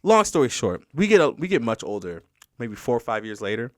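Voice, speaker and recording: Fast-talking man telling a rambling story. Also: mid-range voice, big pitch swings, no room sound, clean studio sound. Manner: rambling storytelling with many restarts and quoted voices. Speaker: podcast host. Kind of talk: casual podcast conversation.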